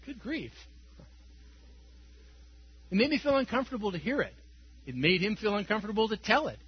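A man's voice: high-pitched, big pitch swings, brisk, breathy edge, muffled recording. A man preaching a sermon as pastor, conversational and telling stories with chuckles.

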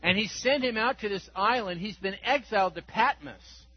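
A man preaching an Easter sermon as pastor, moving from hushed scripture reading to loud exclamations. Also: high voice, moderate pace, breathy edge. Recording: dull lo-fi recording with faint hum.

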